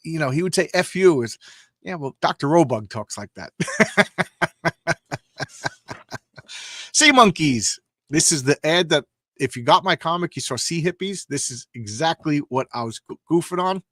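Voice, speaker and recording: A man's voice: fairly high pitch, lively intonation, moderate pace, sharp tone, no echo, clean studio sound. A man hosting a casual comic book reading show, talking with enthusiasm, rambling and often stumbling over his words. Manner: enthusiastic, rambling, stammering restarts.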